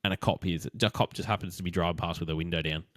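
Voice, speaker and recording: A man recapping a TV show in casual chat, acting out scenes in quick quoted voices. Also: low voice, steady tone, fairly bright tone, no room sound, clean studio sound. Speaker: podcast co-host.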